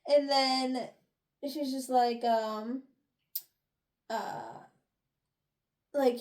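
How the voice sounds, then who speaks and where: Woman podcast co-host, high bright voice, chatty, animated recap of a novel. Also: very slow, pauses often. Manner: animated recapping, swears and laughs. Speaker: book review podcast co-host. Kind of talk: casual chat.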